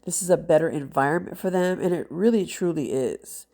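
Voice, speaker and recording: Woman, casual heartfelt vlog talk, mellow dark voice, congested, lots of fillers. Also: on the low side, brisk. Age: adult with children. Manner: rambling, heartfelt, many fillers. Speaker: nail artist vlogger.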